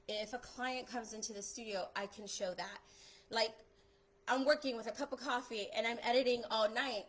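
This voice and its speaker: A woman in her thirties, a photographer hosting a live stream, talking through social media tips in an excited, chatty way with lots of fillers. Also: fairly high pitch, poor audio.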